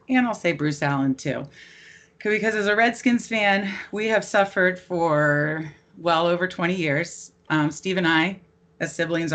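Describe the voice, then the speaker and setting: A woman's voice: fairly low pitch, a bit bright. A middle-aged woman hosting a casual sports podcast, chatty and self-deprecating. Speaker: podcast host.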